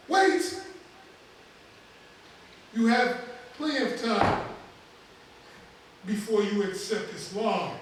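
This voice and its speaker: A man with a high voice gives a sermon as imam, moving from a steady recited opening into emphatic, rising preaching. He is heard from some way off in a big, reverberant mosque hall. A faint hiss sits under the voice. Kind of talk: Friday sermon. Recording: very echoey hall, mic from a distance.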